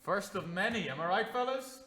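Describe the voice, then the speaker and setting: A man's voice: high voice, lively intonation, moderate pace, bright, forceful tone, slight background noise. A man commentating on his own online poker hands live, chatty and swearing freely, talking to his chat as lads and boys. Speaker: poker streamer.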